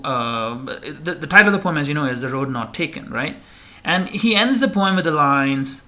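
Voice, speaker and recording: A man's voice: on the high side, lively intonation, a little fast, pushed and bright. Rambling man lecturing over slides. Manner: rambling, many fillers and restarts.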